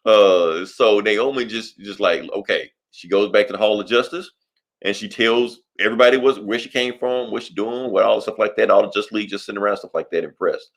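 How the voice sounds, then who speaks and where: A man's voice: lowish voice, fairly bright tone. A man co-hosting a podcast, casually recapping a comic book plot in a loose, profane storytelling way. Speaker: podcast co-host.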